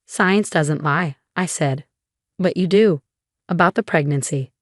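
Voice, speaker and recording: A woman reading a scripted first-person story in an even, measured way. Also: low-pitched, dry recording, clean studio sound.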